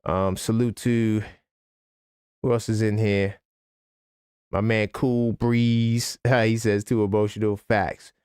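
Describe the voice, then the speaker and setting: Animated man hosting a sports livestream. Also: on the low side, takes it slowly, pauses often, clean tone, no echo, studio quality. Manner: animated, conversational, frequent fillers. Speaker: sports talk livestream host. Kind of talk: casual live-stream commentary.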